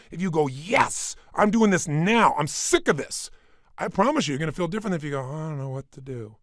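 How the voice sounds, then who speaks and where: A middle-aged man giving an energetic motivational talk into a studio microphone, dropping to a hush and then surging loud for emphasis. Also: a little high, creaky, dry recording. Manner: energetic, emphatic, swings between hushed and loud. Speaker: motivational speaker. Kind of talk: motivational talk recorded for audio program.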